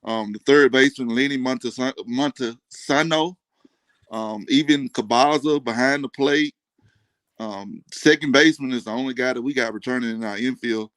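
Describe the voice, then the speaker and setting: A man talking baseball as a guest on a sports chat, in a steady, matter-of-fact way with many pauses of "um". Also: medium pitch, dry recording. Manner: even, matter-of-fact, with frequent "um".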